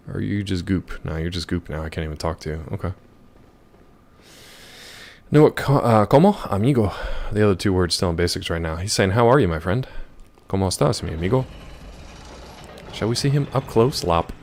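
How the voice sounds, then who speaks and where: A hoarse man chatting casually and joking with viewers while he plays a video game. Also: fairly low pitch, sing-song, normal speed, pauses often, a little mellow. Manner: joking, rambling, chats with viewers. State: hoarse from yelling. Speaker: gaming streamer. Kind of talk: casual gameplay commentary.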